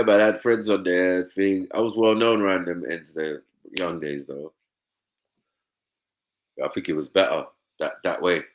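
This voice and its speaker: Young man, low voice, animated, swears a lot, casual panel chat. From Nigeria. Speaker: panel host.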